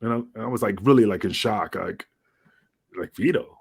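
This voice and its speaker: A man's voice: on the low side, moderate pace, gravelly, husky. A man, a former wrestler guesting on a podcast, telling rambling, profane stories and laughing as he goes. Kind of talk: casual storytelling.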